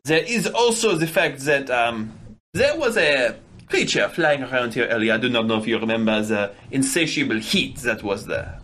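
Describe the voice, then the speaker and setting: A man's voice: medium pitch, lively intonation, a bit bright. Rambling man playing a tabletop game. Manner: rambling, cautious, pausing with ums. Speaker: player. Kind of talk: casual tabletop role-play.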